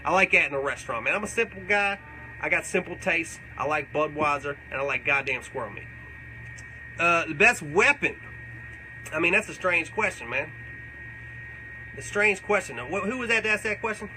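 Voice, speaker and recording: Brief: a man as a profane old backwoods guy, rambling and boastful, voice pitched a bit high and very bright. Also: expressive, moderate pace, long pauses, a little hiss or hum, poor audio. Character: crude rambling older backwoods man, beer-loving. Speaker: comedic character. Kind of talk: live comedic Q&A in character.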